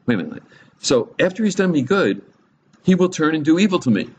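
A man's voice: on the high side, sing-song, fairly quick, a little hiss or hum, low-quality recording. A man giving a conversational Bible teaching, chuckling often, adding humorous asides and asking his listeners direct questions.

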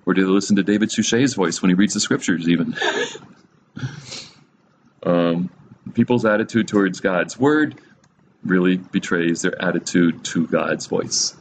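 A man's voice: deep voice, moderate pace, pauses often, a little hiss or hum, rough recording. A man giving a conversational Bible teaching, chuckling often, adding humorous asides and asking his listeners direct questions.

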